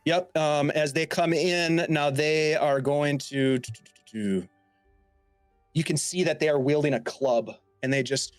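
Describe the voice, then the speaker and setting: A man's voice: a little high, steady tone, unhurried, few pauses, clean tone, soft background music. Rambling man narrating as game master. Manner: rambling, filler-heavy narration.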